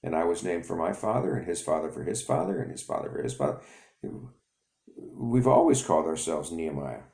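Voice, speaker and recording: A man voicing a gentle father who patiently explains to his son. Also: sits low, brisk, vocal fry. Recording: echoey room.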